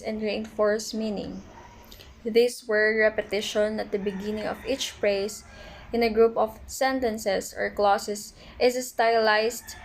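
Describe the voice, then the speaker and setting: Young-ish woman reading her poetry class report, kinda high voice, little stumbles, faint noise behind. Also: poor audio. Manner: reads definitions aloud from notes, small stumbles. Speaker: student presenter.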